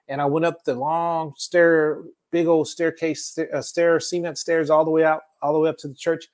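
Male preacher, slightly high voice, lively testimony delivery with sudden loud and quiet turns. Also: normal speed. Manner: animated storytelling, shifting loud and soft. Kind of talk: testimony sermon.

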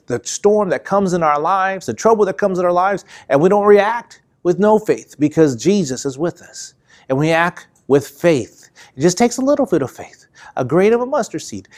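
Male preacher with a somewhat high voice, hammering points home by repeating them. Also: a little mellow. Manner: emphatic, repetitive preaching cadence. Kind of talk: sermon.

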